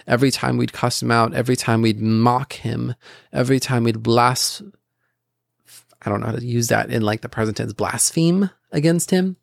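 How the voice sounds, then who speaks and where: A man's voice: mid-range voice, moderate pace, gravelly, no echo, clean studio sound. A man hosting a casual Christian podcast, talking earnestly in a rambling way with restarts and asides. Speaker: podcast host.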